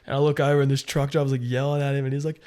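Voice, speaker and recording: A man's voice: medium pitch, flat delivery, very fast, dark tone. A young man with an Australian accent, co-hosting a casual podcast and animatedly telling a story, swearing often. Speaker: podcast co-host.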